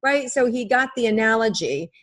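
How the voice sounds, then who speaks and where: A middle-aged woman, a psychic-medium guest on a podcast, speaking as a gentle coaching storyteller. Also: on the high side, animated, normal speed. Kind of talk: podcast interview.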